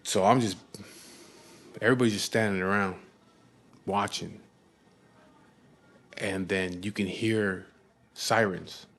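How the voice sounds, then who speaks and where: Low-voiced blunt man telling a story. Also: fairly even intonation, fairly bright tone. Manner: blunt and heavily profane; halting restarts and repeated words. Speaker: storyteller recounting his past. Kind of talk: casual storytelling.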